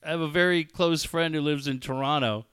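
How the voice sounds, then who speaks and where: A man's voice: fairly high pitch, fairly quick, smooth, no room sound, clean studio sound. A man in his forties hosting a talk show, telling stories in casual chat and acting out quoted dialogue. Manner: storytelling with animated quoted dialogue. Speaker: radio show host.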